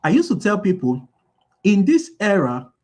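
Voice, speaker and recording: A man's voice: high-pitched, huge pitch swings, normal speed, a little mellow. A man giving a motivational business talk, repeating key lines and asking his listeners to fill in the answers. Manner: asks the audience call-and-response questions. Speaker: business speaker.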